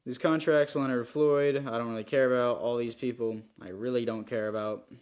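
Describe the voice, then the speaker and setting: A man's voice: mid-range voice, steady tone, moderate pace, darkish tone, clean tone. A young man giving rambling, self-critical commentary over a football video game, with frustrated outbursts. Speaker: gaming YouTuber. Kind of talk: gameplay commentary.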